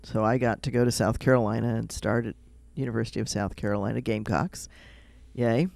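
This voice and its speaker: A man with a Midwestern American accent talks on a radio show, wandering from one memory to the next in an easy, chatty way. His voice is gravelly and his pitch sits mid-range. The sound is dry and close, with no room around it. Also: fairly even intonation, fairly quick, a little mellow, no room sound. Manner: rambling storyteller, chatty. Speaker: rabbi, radio guest. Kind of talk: casual radio chat.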